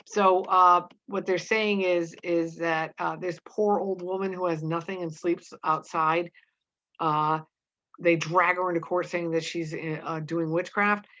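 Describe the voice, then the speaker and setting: A woman teacher reading a play aloud and explaining it in a casual, halting way, in a dull lo-fi recording. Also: on the low side, little pitch movement, fairly bright tone. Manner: casual, halting, with many fillers and restarts.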